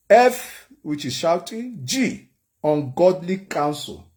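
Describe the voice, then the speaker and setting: A man's voice: mid-range voice, animated, measured pace, a little mellow. A Nigerian man preaching a humorous sermon, joking and laughing often. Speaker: prophet and preacher.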